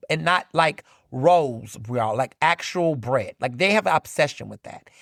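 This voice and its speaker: A young male podcast host riffs on his own in a casual, sassy way and keeps talking straight to his listeners. His pitch jumps up and down as he makes his points. The sound is dry and close, with no room around it. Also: dry recording. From Philadelphia, USA. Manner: animated, sassy, conversational, addresses listeners as "y'all". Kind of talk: casual solo commentary.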